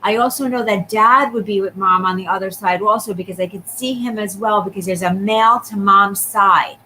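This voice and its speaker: Fast-talking bright-voiced woman medium. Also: mid-range voice, slight background noise, poor audio. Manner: rapid, repeatedly checking in with the sitter. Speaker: psychic medium. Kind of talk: live reading for viewers.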